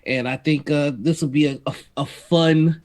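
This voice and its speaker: A man co-hosting a live stream chat, laughing often and talking in halting restarts, with the hiccups. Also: fairly high pitch, fairly even intonation, darkish tone. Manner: giggly, halting, many restarts. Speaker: co-host.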